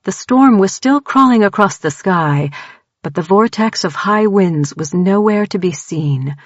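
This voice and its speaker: A woman narrating a horror audiobook in a measured, unhurried way. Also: lowish voice, gravelly, no room sound. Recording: dull, dry close-mic audiobook recording.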